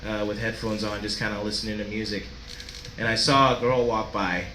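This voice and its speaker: A man performing a stand-up set in a comedy club, with a low-key, deadpan delivery. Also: brisk, echoey room, background noise.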